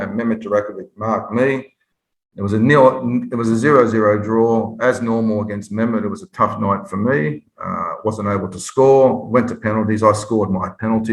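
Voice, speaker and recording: A man, a former footballer, telling stories in an interview with lively restarts and repeats. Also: lowish voice. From Australia. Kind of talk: storytelling interview. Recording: roomy echo.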